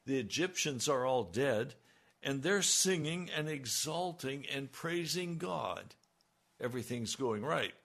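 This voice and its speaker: A man preaching a sermon, slow and emphatic, his voice rising on key lines. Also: medium pitch, animated, vocal fry, fairly bright tone. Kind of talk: radio sermon.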